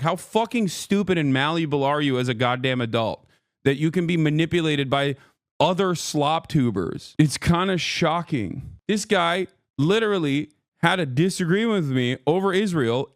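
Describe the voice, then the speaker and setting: A man's voice: fairly high pitch, no echo, clean studio sound. A male streamer in a heated reaction rant, angry, swearing, and mocking.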